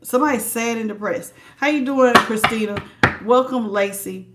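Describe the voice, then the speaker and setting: A woman's voice: fairly high pitch, normal speed, very noisy. A woman giving a live tarot reading, chatty and emphatic, greeting viewers by name and repeating words for stress. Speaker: tarot reader.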